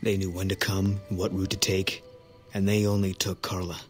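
An actor playing a grim, bitter soldier who talks in a curt, guarded way, in a video game. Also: male voice, low-pitched, flat delivery, moderate pace, close to an everyday voice. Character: grim, bitter soldier sniper, grieving husband. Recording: game audio under music.

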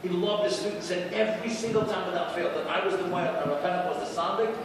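A man, a rabbi, giving an animated storytelling lecture in a large hall, acting out the people in his story and building to excited near-shouting. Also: high voice, quick pace. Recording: echoey hall recorded from far off with background noise.

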